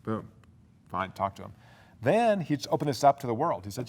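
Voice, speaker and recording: An energetic man lectures at speed to a university audience on business. He keeps throwing in quick asides and rhetorical questions, and his pitch sits in an ordinary middle range for a man. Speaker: guest speaker.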